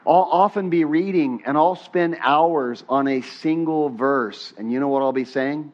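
Animated pastor with a dull recording. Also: male voice, medium pitch, moderate pace, few pauses. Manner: conversational, asks the congregation to repeat lines; animated, rising on questions, drops soft on prayers. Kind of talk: sermon. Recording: dull muffled sermon recording.

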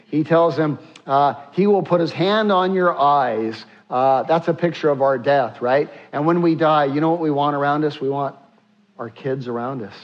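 A male pastor preaching a sermon to his church, emphatic, piling up repeated rhetorical questions and dropping to a hushed tone at tender points. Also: fairly high pitch, highs cut off.

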